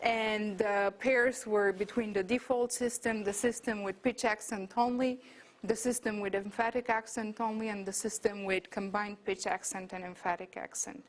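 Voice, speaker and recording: A woman lecturing to a room on her research findings. She talks through her slides in an unscripted, thinking-aloud way. She pauses often on fillers and corrects herself mid-sentence. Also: medium pitch, fairly even intonation. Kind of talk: academic talk with slides.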